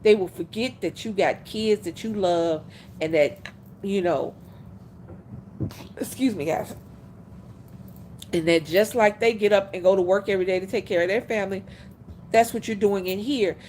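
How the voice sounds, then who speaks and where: A woman hosting a livestream, telling stories in a casual, animated way, laughing often and speaking bluntly. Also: medium pitch, moderate pace, pauses often, a little hiss or hum. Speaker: livestream host.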